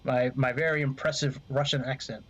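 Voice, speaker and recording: A man's voice: medium pitch, fairly even intonation, brisk, fairly bright tone. A man streaming a flight sim, rambling and swearing freely as he talks to his chat. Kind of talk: casual gameplay commentary.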